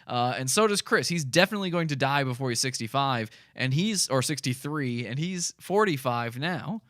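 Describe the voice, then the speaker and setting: Sarcastic podcast host with bright voice. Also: male voice, mid-range voice, expressive, normal speed. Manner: sarcastic, laughing, describes video for listeners. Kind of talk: mocking commentary.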